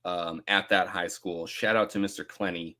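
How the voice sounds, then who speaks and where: A man in his thirties co-hosting a book club podcast, chatting casually, animated and self-mocking, swearing freely. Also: low voice, normal speed. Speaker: podcast co-host.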